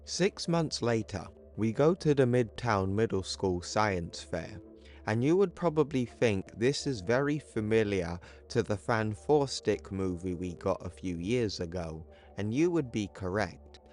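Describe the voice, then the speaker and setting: Slow low-voiced man narrating comics. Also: animated, a little mellow. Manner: casual, conversational. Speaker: comic book YouTuber. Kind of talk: comic book recap narration.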